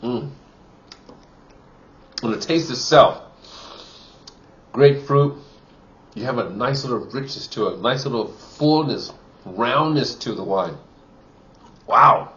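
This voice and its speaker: A man's voice: medium pitch, slow pace, long pauses, fairly bright tone, lo-fi sound. A man giving a casual wine tasting review, chatty and full of "you know" fillers, from Wisconsin.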